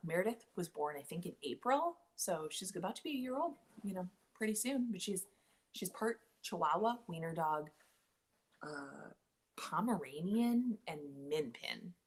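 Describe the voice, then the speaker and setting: A woman's voice: low voice, breathy edge. A woman in her late thirties hosting a casual livestream chat from home, rambling and easily sidetracked. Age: late 30s. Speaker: podcast host.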